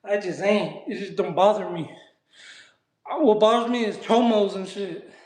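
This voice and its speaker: High-voiced slangy guy streaming a workout. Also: steady tone, moderate pace, a little mellow. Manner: streetwise slang, talks back to chat. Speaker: streamer working out live. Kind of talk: casual live-stream chat while exercising. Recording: echoey room.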